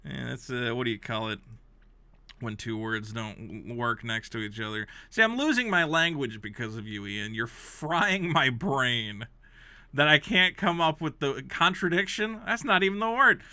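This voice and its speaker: A man rants through comedic reaction commentary in a sharply bright voice that leaps high and dips low. He sounds exasperated and sarcastic, swinging from loud outbursts to low mutters. The recording is close and dry. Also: lively intonation, moderate pace, no room sound. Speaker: host reacting to a game console review.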